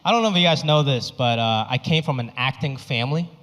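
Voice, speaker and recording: A stand-up comedian from Hong Kong in his thirties, performing an animated, exaggerated set on a theater stage. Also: mid-range voice. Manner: animated, exaggerated, quick punchlines. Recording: stage mic in a reverberant hall.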